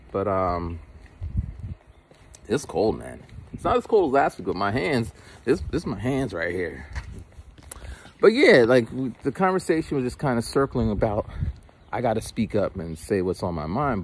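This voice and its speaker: Casting: casual man, lowish and very lively voice, rambling, traffic noise around him. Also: moderate pace. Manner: rambling, repeats words, animated. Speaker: vlogger. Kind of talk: casual monologue. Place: outdoors in the cold.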